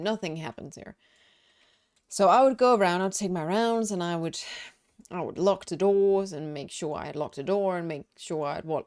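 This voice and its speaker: A woman streaming from her desk at home, telling a story in an animated way with frequent laughs and restarts. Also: fairly low pitch. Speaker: live streamer. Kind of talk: casual storytelling to a live stream chat.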